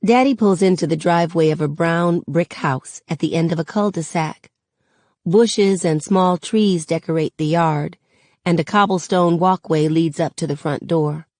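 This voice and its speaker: Woman, reading a novel aloud, low voice, steady, dry sound. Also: moderate pace, no echo. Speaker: reader.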